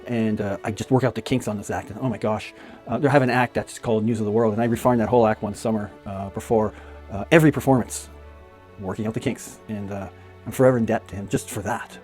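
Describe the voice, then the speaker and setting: Fast-talking man telling fond stories. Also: on the low side, fairly even intonation, a little mellow, soft background music. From Canada. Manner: fond, chatty storytelling with frequent laughs. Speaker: magician paying tribute to a late friend. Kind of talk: casual spoken memorial tribute.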